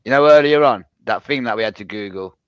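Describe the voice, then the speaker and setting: Teasing stream co-host, lo-fi sound. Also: male voice, fairly low pitch, quick pace, clean tone, no room sound. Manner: teasing, challenging. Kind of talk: live-stream banter. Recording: dull lo-fi stream audio.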